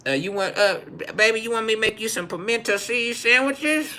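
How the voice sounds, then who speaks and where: A man's voice: high voice, animated, fairly quick, voice pushed up. A man voicing a sweet, doting older grandmother who coaxes and fusses over her grandson. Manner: soft, coaxing, fussing.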